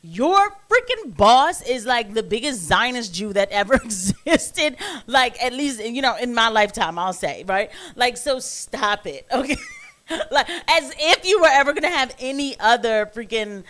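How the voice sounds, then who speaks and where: A woman's voice: fairly high pitch, animated, normal speed, a bit bright. A woman hosting a casual reaction commentary, talking emphatically and asking viewers rhetorical questions. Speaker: commentary host.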